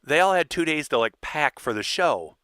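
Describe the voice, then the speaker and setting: Bright-voiced man bantering on a podcast. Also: fairly high pitch, lively intonation, clear, resonant tone, no room sound, studio quality. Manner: joking banter, quick asides. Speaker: podcast co-host. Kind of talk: casual chat.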